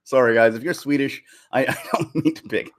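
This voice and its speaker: A man's voice: medium pitch, a little fast. Rambling, laughing man commentator. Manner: rambling, laughs often, puts on voices. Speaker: YouTube commentator. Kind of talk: casual commentary.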